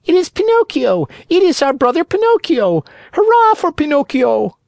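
A man reading an audiobook voices a crowd of excited wooden marionettes who shriek with joy. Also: very high voice, moderate pace, vocal fry, no room sound, studio quality, pitched above the performer's own voice, full character voice. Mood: overjoyed.

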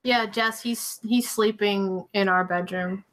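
A woman's voice: medium pitch, fairly even intonation, slow pace, a bit bright, poor audio. A woman from Maine co-hosting a casual live-stream chat, giggly and teasing as she reads viewer comments aloud. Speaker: co-host reading chat.

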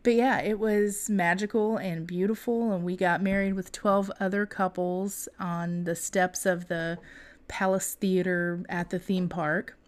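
Woman, young adult, podcast co-host, casual storytelling, animated, laughs often, mid-pitched.

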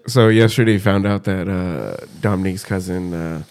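A young man with a low voice chatting casually with a friend. He rambles, swears freely and fills pauses with "uh". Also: darkish tone. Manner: profane, rambling, frequent fillers. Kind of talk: casual chat.

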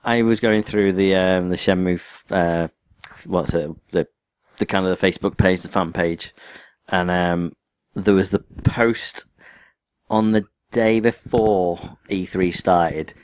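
A man with a lowish voice chatting on a podcast, recorded close and dry. He answers with short agreements, laughs often, and sometimes tells longer stories at a relaxed pace. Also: a little slow, clean tone, no room sound. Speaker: podcast co-host. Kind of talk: casual chat.

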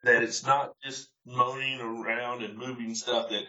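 A man chats casually as a host, laughing easily and circling back over his words. His voice is bright and forceful but sits somewhat back from the microphone, with a dull, lo-fi sound. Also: mid-range voice, flat delivery, unhurried, recorded from a distance. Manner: laughs easily, hesitant restarts. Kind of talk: casual chat.

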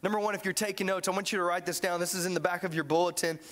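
A man preaching a sermon in a church, animated and joking, often restarting his sentences. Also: high-pitched, rapid-fire. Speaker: pastor.

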